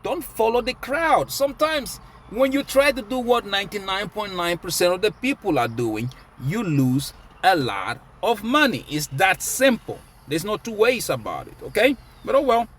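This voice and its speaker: A man giving casual, emphatic market commentary as a crypto vlogger. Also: sits high. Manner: animated, emphatic, preachy.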